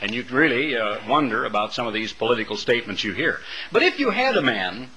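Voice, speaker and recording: A man delivering a rambling, opinionated monologue as a radio talk show host, with many pauses and fillers. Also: mid-range voice, sing-song, crowd noise, rough recording.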